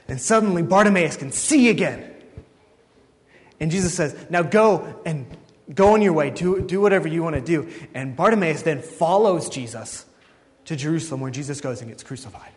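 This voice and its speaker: A man preaching a sermon, telling a story in a lively way and acting out the people in it. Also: fairly high pitch, moderate pace, long reverb tail.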